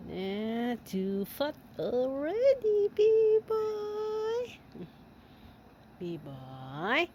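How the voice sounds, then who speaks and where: A woman filming her cats at home, talking to them in slow, cooing baby talk and laughing often. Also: sits high, huge pitch swings, mellow, highs cut off, a little hiss or hum. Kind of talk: casual baby talk to kittens. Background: kittens meowing.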